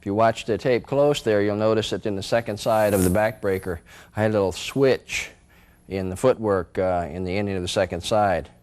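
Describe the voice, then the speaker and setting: A man with a fairly low voice leads a martial arts lesson indoors. He calls out each strike and step as he performs it, with short chuckles between the counts. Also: fairly quick, a little mellow. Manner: calls out moves while performing them. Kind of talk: demonstrating martial arts moves. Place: indoor training room.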